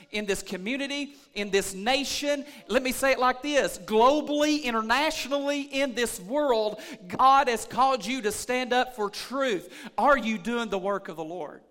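A pastor delivers a sermon to his church in a strikingly high, bright man's voice. He moves from plain talk into loud, hollered preaching. The sound carries the long reverb of a large sanctuary. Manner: preaching that builds from calm to shouting.

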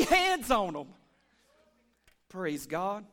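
A man preaching a lively church sermon as pastor, calling for amens and swinging between shouts and hushed asides. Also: very high-pitched, normal speed. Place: church sanctuary.

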